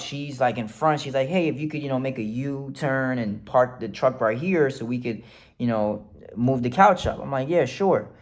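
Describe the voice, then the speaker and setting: A man telling a personal story to his viewers in a casual vlog, animated and swearing freely as he acts out what people said. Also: mid-range voice. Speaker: vlogger.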